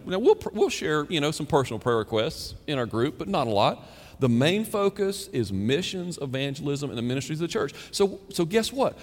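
A man preaching a sermon as pastor, acting out quoted prayers and conversations. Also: medium pitch. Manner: animated, acts out quoted prayers and chatter. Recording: long reverb of a church hall.

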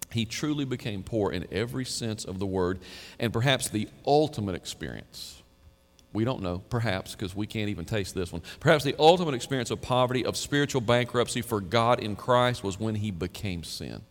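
A man's voice: expressive, brisk. Emphatic male pastor in an echoing hall. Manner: emphatic, conversational preaching, swings to quiet and low. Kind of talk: sermon. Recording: reverberant hall.

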